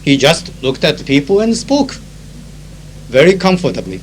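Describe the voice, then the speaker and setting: This spoken diary comes from a man with a Japanese accent who works as a conference interpreter. Speaking at normal speed in a somewhat high, very animated voice, he tells anecdotes with many fillers and shifts into Japanese to explain phrases, all on a low-quality old tape with a faint hum.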